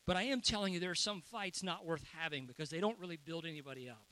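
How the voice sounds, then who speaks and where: High, bright pastor preaching. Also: male voice, fast. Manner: conversational and joking with the congregation. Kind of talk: sermon.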